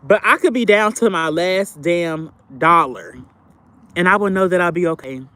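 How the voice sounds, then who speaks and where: High-voiced chatty man, dry close mic. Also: normal speed, bright, forceful tone, dry recording. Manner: talkative, repeats phrases, addresses viewers as sister and baby. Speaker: live streamer. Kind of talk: casual livestream chat with viewers.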